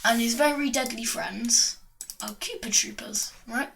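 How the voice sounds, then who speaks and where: A woman slowly rambles through a made-up story, drawing as she goes, with slangy asides and plenty of fillers. Her voice is bright and light, set back from the mic. Faint keyboard clicking runs underneath. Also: on the high side, creaky, recorded from a distance, slight background noise. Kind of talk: rambling improvised story narration.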